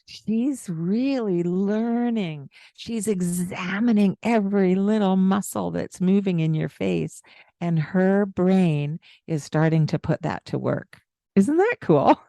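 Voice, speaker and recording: A woman co-hosting a parenting podcast, explaining things calmly in casual chat. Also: takes it slowly, creaky, dry recording, studio quality. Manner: explains calmly, demonstrates baby talk with high sing-song bits.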